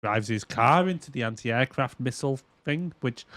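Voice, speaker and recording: A man's voice: medium pitch, moderate pace, no echo. Chatty podcast guy, voice jumps all over, dry close sound. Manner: animated, swearing, acts out lines in silly voices. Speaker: podcast co-host. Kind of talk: casual chat.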